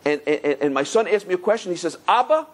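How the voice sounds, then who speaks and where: A middle-aged man, a rabbi, giving a Torah lecture in an animated storytelling manner full of repetitions. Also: a little high, fast talker.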